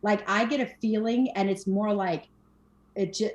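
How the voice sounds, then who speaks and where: A woman in her forties talks candidly as a podcast guest, mid-pitched and blunt, with casual swearing. Her sentences run on quickly and emphatically. The room around her voice is echoey. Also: steady tone, dull audio. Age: 40s. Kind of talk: candid conversational storytelling.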